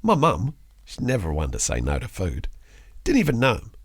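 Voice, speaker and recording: A middle-aged male host with a low, somewhat husky voice that swings widely in pitch as he tells his stories. He swears casually and acts out the people he talks about, recorded dry and close. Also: huge pitch swings, moderate pace, no room sound. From England. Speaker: podcast host. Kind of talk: casual interview chat.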